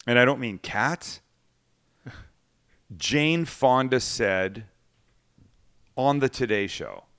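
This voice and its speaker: A man hosting a cooking show, chatting casually at a middle pitch. He tells stories with energy and acts out the people he quotes as he goes. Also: slow pace, smooth. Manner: animated storyteller acting out quotes. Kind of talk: casual storytelling chat.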